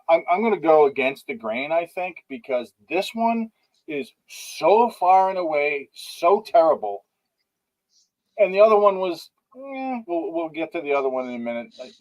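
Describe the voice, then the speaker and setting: An exasperated man venting about a film on a casual podcast. His pitch swings widely and sits a little high for a man. He talks in a loose, animated, ranting way. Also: poor audio. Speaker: podcast co-host. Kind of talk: casual movie review chat.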